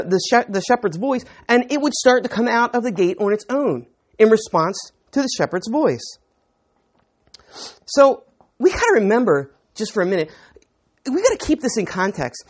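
A man preaching to a live audience in a room. His pitch swings widely as he teaches in a chatty way, posing rhetorical questions and often restarting phrases. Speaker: pastor. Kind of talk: sermon.

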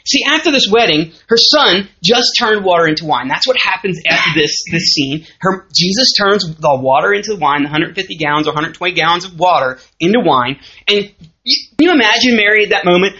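Lively Southern woman teaching a church class. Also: on the low side, brisk. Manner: lively, conversational, asks the audience questions. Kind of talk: sermon. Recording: muffled lo-fi recording.

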